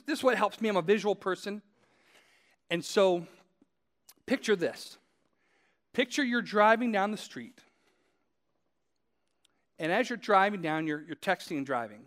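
A pastor preaching a sermon, talking to listeners directly in a conversational storytelling way and repeating phrases for emphasis. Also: male voice, high-pitched, normal speed, long pauses, a bit bright.

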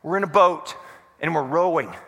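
A pastor preaching with a high, bright, ringing voice that swoops up and down. He keeps firing questions at the congregation and waiting for their answers. His voice carries through a reverberant church hall. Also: normal speed, gravelly. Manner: animated, quizzes the congregation with call-and-response questions. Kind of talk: sermon.

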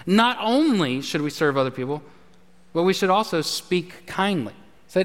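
A man's voice: high-pitched, sing-song, moderate pace. A middle-aged man preaching a sermon. He talks conversationally and jokes with the congregation. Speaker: pastor. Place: church sanctuary. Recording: reverberant church sanctuary.

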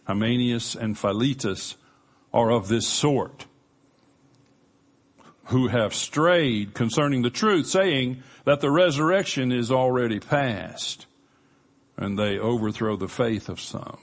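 A man preaching a sermon as pastor, earnest and emphatic, with measured pauses. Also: medium pitch.

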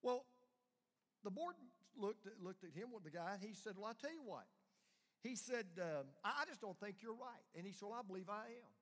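A man preaches through a story, voicing each person in it with lively, rising emphasis. His voice sits high for a man. The sound rings with the long reverb of a large hall. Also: moderate pace. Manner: animated storyteller acting out quoted dialogue. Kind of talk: storytelling sermon.

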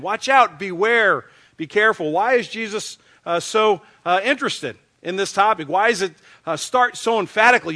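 A man in his sixties, a pastor reading scripture and preaching a sermon, emphatic and slowing down on key phrases. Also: high-pitched, pushed and bright.

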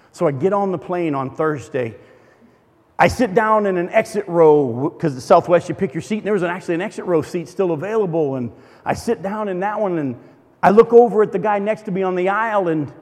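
A male preacher with a rather high voice tells a funny personal story from the pulpit. He sounds conversational and easygoing, as if chatting with the congregation. His voice carries a long reverb from a large church hall. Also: darkish tone. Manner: conversational, humorous anecdotes. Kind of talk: storytelling sermon.

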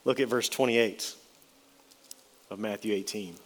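A man's voice: on the low side, fairly even intonation, a little slow, big-room sound, slight background noise. A man preaching an expository sermon, emphatic, with his voice rising and dropping for effect.

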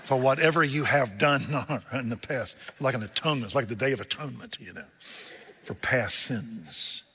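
A man's voice: mid-range voice, normal speed, bright, forceful tone, slightly rough. A man preaching a sermon, telling homespun stories with jokes in a folksy way. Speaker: pastor. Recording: long hall reverb.

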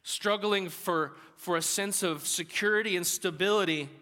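A man's voice: high-pitched, normal speed, bright, forceful tone, in a large hall. A pastor with a light Southern accent, preaching a sermon in an earnest way and building emphasis as he goes. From Alabama, US South.

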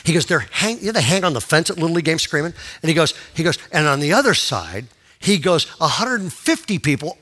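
A male pastor telling a story in a sermon, animated, dropping to a hush and rising to loud excitement. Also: fairly high pitch, brisk, slightly rough.

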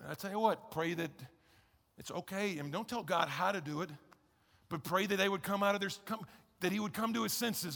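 High-pitched, gravelly preaching man in a hall. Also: brisk, a bit bright. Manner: emphatic, conversational preaching with repeated calls to listen. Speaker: pastor. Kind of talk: sermon. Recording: reverberant hall sound.

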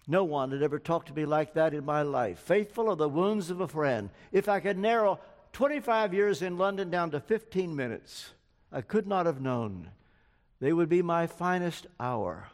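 Older guy preaching, slow and earnest, kinda high voice, long hall echo. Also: animated. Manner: slow, measured, earnest, with personal anecdotes. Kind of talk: sermon.

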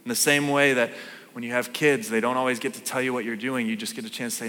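A man in his thirties preaches in a casual, animated style and keeps asking the congregation questions. His voice is bright and forceful. It carries a long reverb from a church auditorium. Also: mid-range voice, quick pace. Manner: conversational, animated, asks the room questions. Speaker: pastor. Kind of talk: sermon.

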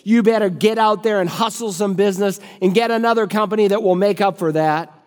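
A man's voice: sits high, a little fast, in a large hall, pitched above the performer's own voice, close to an everyday voice. A man voicing a proud, hot-tempered male company boss who barks indignant orders. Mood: barking. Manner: barking, indignant.

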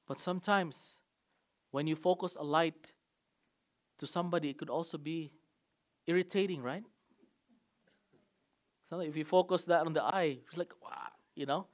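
A man with a high voice preaching a sermon from the pulpit. He stresses key words with loud emphatic bursts, then drops low and soft. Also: normal speed, long pauses. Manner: emphatic preaching with sudden swings in loudness. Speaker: pastor.

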